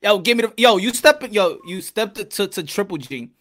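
A man's voice: high-pitched, animated, fairly quick, fairly bright tone. A man hosting a casual interview, laughing along and egging his guest on. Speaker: interviewer, channel host.

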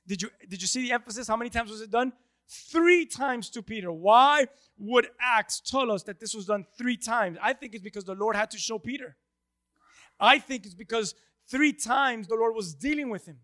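A male pastor with a notably high voice preaches to his congregation. He talks to them conversationally, asks them questions and acts out the voices in the scripture. The sound is close and dry, with little room echo. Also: fairly bright tone. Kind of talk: sermon.

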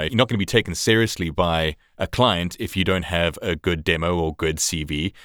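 Deep-voiced podcast host. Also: male voice, a bit bright, clean tone, dry recording, clean studio sound. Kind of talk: interview questions.

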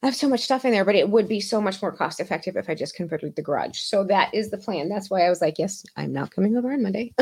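A woman guest on a podcast, chatting casually and rambling, swearing freely and laughing often. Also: mid-range voice. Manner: rambling, profane, frequent laughs. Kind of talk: casual chat.

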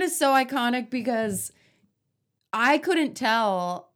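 Relaxed female co-host for film chat, trails off, fills pauses. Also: mid-range voice. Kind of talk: casual film discussion.

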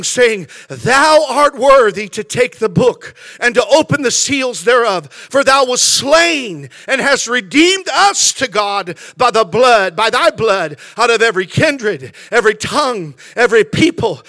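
High, bright-voiced impassioned male pastor. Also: dry recording. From California. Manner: impassioned preaching that swells to shouting, with repetitions. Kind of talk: sermon.

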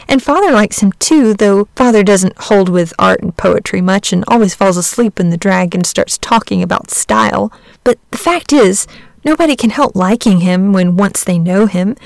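A woman's voice: mid-range voice, darkish tone, no echo, natural voice. A woman voicing an earnest young village boy who pleads eagerly for his dragon friend in a storybook reading. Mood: distressed pleading. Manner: eager, pleading, talks in a rush.

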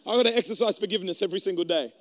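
A man preaching a sermon to a room of people, animated and joking, and talking in a loose conversational way. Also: high voice, rapid-fire, big-room sound. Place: room with an audience.

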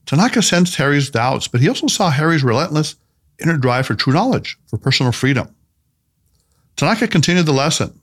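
A man narrates a story aloud in an audiobook, his voice fairly high and rising and falling in wide, lively arcs. The telling is scripted, expressive storytelling. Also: a little fast.

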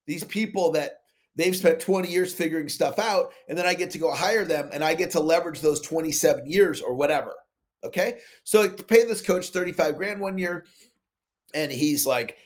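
In a fairly high voice at normal speed, a sales coach hosts a motivational coaching call over video. He tells stories with animation, acting out both sides of his conversations during this live-call talk.

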